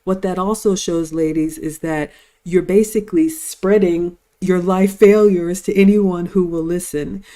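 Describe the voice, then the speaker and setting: A woman's voice: fairly low pitch, steady tone, a little slow, mellow. An older woman hosting a live-stream reaction, commenting and giving advice to viewers in a lecturing tone. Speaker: host.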